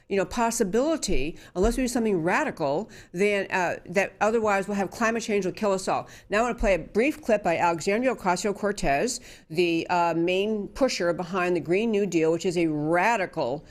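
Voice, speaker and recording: A woman's voice: medium pitch, normal speed, few pauses. A woman talk show host in middle age delivers political commentary in a mid-range voice. She argues emphatically and often restarts sentences with fillers as she thinks aloud.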